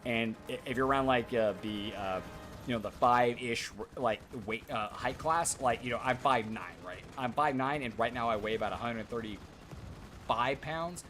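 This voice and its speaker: A man in his thirties streams a game and rambles to his chat in an everyday mid-pitched voice. He swears freely and jumps from story to story. Faint music plays underneath. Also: moderate pace, fairly bright tone. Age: 30s. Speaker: gaming streamer. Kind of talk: casual live-stream chat while playing.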